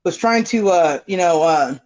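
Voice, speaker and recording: A man's voice: high voice, lively intonation, moderate pace. A man telling a rambling, self-mocking story on a casual livestream panel, full of fillers and "right?" tags. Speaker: panel guest. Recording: dull lo-fi stream audio.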